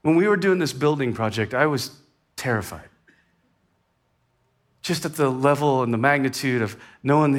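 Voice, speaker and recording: A man preaching a sermon in a conversational way, rising in intensity and then dropping to a hushed tone. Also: mid-range voice, moderate pace, pauses often. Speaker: pastor.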